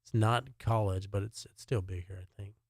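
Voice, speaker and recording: A man's voice: fairly low pitch, normal speed, slightly rough, no room sound, clean studio sound. A middle-aged man from Alabama, a personal chef and podcast guest, chatting easily with lots of fillers. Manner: relaxed, chatty, many fillers. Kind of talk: casual podcast chat.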